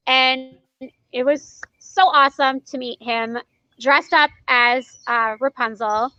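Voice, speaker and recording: An animated woman tells stories in a casual interview, acting out the dialogue and laughing as she goes. Her voice is bright and forceful. The recording is dry and a little dull. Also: high-pitched, slow, smooth, dry recording. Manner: animated, acts out quoted dialogue, laughs often. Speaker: party character performer.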